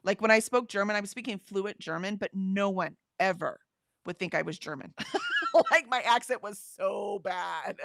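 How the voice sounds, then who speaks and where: A woman's voice: mid-range voice, moderate pace, creaky, a bit bright, no room sound. A woman co-hosting a casual livestream, reading chat comments aloud and chatting, often laughing and trailing off mid-sentence.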